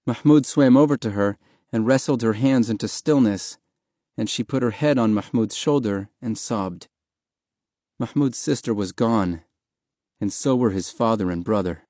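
A man narrating an audiobook in an expressive way, acting out the characters' shouts. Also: lowish voice, moderate pace, no room sound, studio quality. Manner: expressive, acts out shouted dialogue. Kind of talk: scripted narration.

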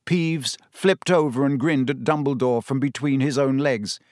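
A man narrating a storybook as an audiobook reader, with an expressive storytelling delivery. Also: medium pitch, a little slow, dry recording, studio quality. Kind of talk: scripted narration.

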